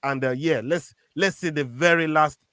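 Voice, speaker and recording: A man co-hosting a casual fight-sports podcast, talking in an animated way that often stammers and restarts when he gets worked up. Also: on the high side, normal speed, smooth, no room sound, clean studio sound. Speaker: podcast co-host. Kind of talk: casual MMA chat.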